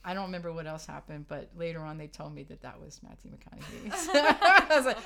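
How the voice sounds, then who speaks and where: A woman's voice: fairly low pitch, expressive, a little fast, vocal fry, hardly any pauses, crowd noise. A middle-aged woman, a harpist guest, telling stories in a casual interview, chatty and laughing often as she quotes others.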